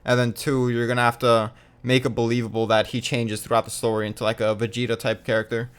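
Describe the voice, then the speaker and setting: Animated, smooth-voiced man riffing. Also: mid-range voice, quick pace. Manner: animated, swears casually, many fillers. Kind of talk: casual fan discussion.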